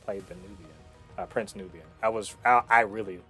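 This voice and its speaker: A man co-hosting a review podcast in casual chat, animated and profane, with lots of fillers and restarts. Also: on the low side, brisk, soft background music. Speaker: podcast co-host reviewing shows.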